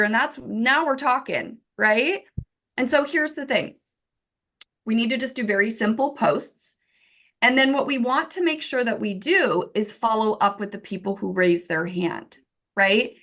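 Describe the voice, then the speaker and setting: A woman in her thirties with a somewhat high voice gives a casual teaching talk. She speaks in a lively, chatty way and keeps checking in with "right?". She often slips into little acted-out quotes. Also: moderate pace. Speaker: software co-founder giving marketing advice.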